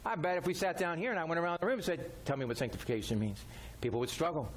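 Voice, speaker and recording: Guy pastor preaching, chatty and direct, repeats himself a lot, kinda high voice. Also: very fast, a little hiss or hum. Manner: conversational, direct, repetitive phrasing. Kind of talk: sermon.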